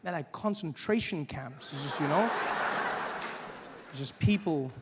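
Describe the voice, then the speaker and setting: On stage before a live audience, a man performs stand-up comedy, acting out little scenes in an animated, mocking way. His voice runs on the high side and a little slow, and the recording is very noisy.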